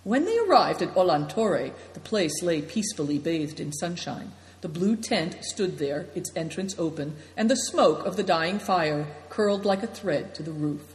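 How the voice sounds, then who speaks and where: A woman narrating an audiobook in a steady, descriptive way. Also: fairly low pitch, moderate pace, hardly any pauses. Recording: long hall reverb.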